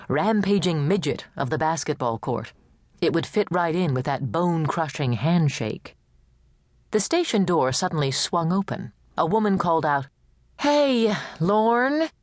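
Woman audiobook narrator, measured and even, low pitch. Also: dry recording, clean studio sound. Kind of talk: scripted narration.

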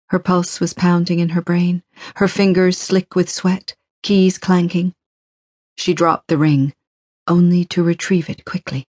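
A woman narrating a suspense audiobook in a measured, tense way. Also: lowish voice, little pitch movement, darkish tone, dry recording, studio quality. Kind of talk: scripted thriller narration.

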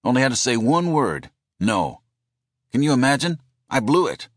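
A man's voice: mid-range voice, very animated, normal speed, no echo, studio quality, voice pushed up. A man voicing a wry, easygoing bush pilot. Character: gruff male pilot, dry, teasing.

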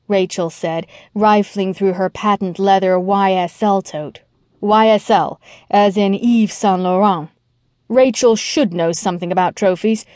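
A woman's voice: medium pitch, unhurried, a little mellow, dry recording. A woman narrating a first-person mystery audiobook with wry, dry humor, on a close studio mic.

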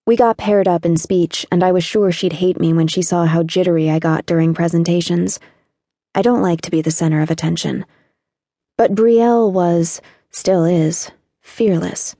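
Low, mellow woman narrating an audiobook. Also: dry recording, clean studio sound. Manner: wry, sardonic teenage inner voice. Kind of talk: first-person audiobook narration.

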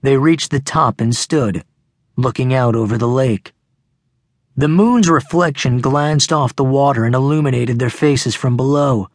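A man narrating a teen novel audiobook in a steady, measured way, recorded close in a studio booth. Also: mid-range voice, no echo. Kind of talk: scripted narration. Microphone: close studio mic.

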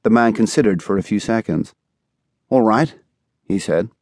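A man reading a thriller audiobook in a measured, even storytelling style, recorded on a studio microphone. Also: on the low side, dry recording. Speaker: audiobook narrator. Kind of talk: scripted narration.

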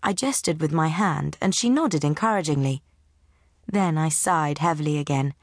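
A woman narrates a novel in the first person with a measured, wry delivery. Her voice is lowish and slightly husky. The recording is close and dry. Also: no echo. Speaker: audiobook narrator.

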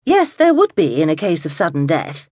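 A woman's voice: deep voice, wildly swooping pitch, normal speed, a little mellow, husky, dry recording, full character voice. Woman voicing a wry, weary amateur sleuth. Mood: reluctant. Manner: dry, weary, firm. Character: wry, reluctant middle-aged amateur sleuth. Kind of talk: audiobook dialogue.

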